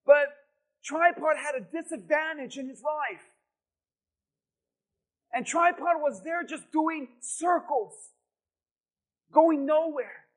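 Very high-voiced pastor telling a story. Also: male voice, rough recording. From Hialeah, Florida. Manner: animated storyteller, rising to emphatic preaching. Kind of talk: sermon storytelling. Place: church.

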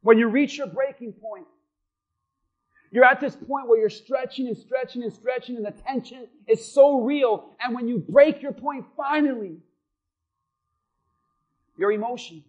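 A man's voice: very high voice, a little slow, pauses often, a little mellow. A male pastor preaching a sermon, asking the congregation questions and acting out quotes in between. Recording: dull lo-fi recording.

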